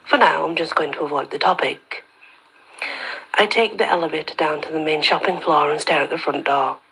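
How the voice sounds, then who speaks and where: A woman reading a story aloud as host of her own channel, steady and even, with soft half-whispered dips. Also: low voice, breathy edge, rough recording.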